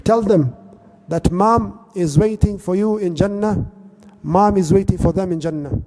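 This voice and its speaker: A man voicing a dying devout woman bidding farewell to her husband, speaking softly and pleadingly. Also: high voice, measured pace.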